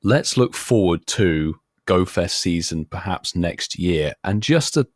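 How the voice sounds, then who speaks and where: Deep-voiced British man hosting podcast. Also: takes it slowly, dry recording, clean studio sound. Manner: relaxed, musing, leads questions. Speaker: podcast host. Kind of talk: casual podcast chat.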